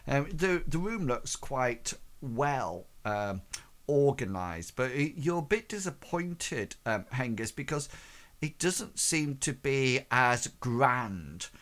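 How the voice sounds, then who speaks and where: A man's voice: on the low side, a bit bright. A man narrating a tabletop game as game master, hesitant and full of fillers.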